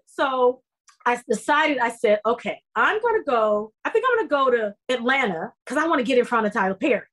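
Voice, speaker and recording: A middle-aged woman, an actress guest on an interview podcast, telling her story in a lively way and acting out the dialogue. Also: fairly high pitch, a little fast. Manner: animated, acts out quoted dialogue.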